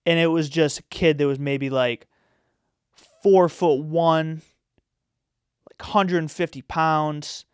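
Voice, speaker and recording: A man's voice: on the high side, fairly even intonation, takes it slowly, pauses often, smooth, no echo, clean studio sound. A man hosting a podcast in a casual, rambling chat, giving strong opinions and filling his talk with "like" and "you know.". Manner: rambling, opinionated, full of fillers. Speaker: podcast host.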